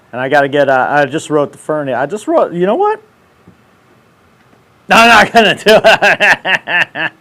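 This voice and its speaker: A man in his thirties hosting a casual livestream, ranting in brash, profane, slangy banter. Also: medium pitch. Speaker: show host.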